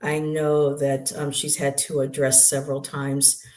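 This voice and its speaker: A livestream co-host and poet chatting casually, in a meandering, halting way with many asides. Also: medium pitch, completely flat delivery, a little mellow. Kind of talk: casual spiritual chat. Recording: roomy echo.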